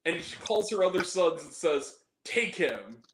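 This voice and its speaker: A man giving a casual film review, animated, laughing often and acting out scenes in lively quoted voices. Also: high-pitched, normal speed. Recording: echoey room with faint noise.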